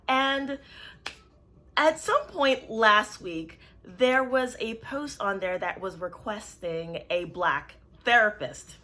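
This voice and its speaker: A woman's voice: medium pitch, bright, forceful tone. A woman who works as a clinical social worker, talking candidly and casually to her viewers, with plenty of fillers. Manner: candid, conversational, many fillers. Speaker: licensed clinical social worker and therapist, channel host. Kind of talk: casual talk to camera.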